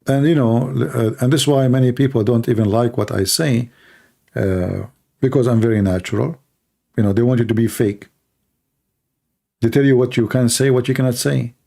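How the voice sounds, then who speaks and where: Gravelly blunt man, broken English. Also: mid-range voice, moderate pace, warm tone. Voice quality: non-native English with broken grammar. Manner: blunt, combative and mocking, with rhetorical questions. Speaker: debate show host. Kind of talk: live-streamed religious debate talk.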